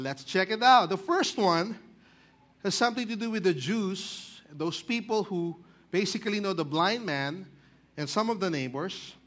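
A man with a Filipino accent preaching a sermon, switching between English and Tagalog and acting out people's reactions with sudden loud exclamations. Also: sits high. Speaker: pastor.

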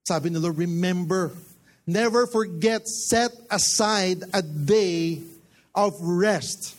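A man with a Filipino accent preaching a sermon as pastor, switching between English and Tagalog, with emphatic bursts. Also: high voice.

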